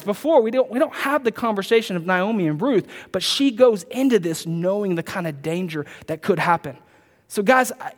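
Emphatic preacher in a reverberant hall. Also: male voice, high voice. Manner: emphatic, repeats key points, slows to read scripture. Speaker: pastor. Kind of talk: sermon.

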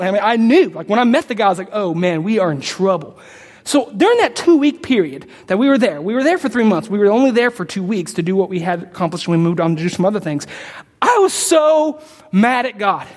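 High-voiced young man preaching in a hall. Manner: impassioned storytelling, rising to near shouts. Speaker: pastor. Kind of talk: sermon. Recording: reverberant hall.

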